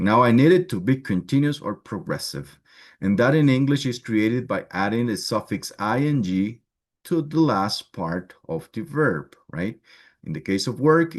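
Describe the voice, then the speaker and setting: A man with a Spanish accent teaching an English grammar class, explaining step by step and often checking in with "right?". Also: lowish voice. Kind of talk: online class lecture.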